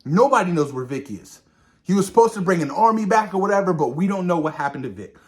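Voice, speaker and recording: Male reaction host, fairly high voice, lively swoops, chatty episode breakdown. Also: fast. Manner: animated, addresses viewers as "you guys", acts out characters' lines. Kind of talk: casual TV episode review.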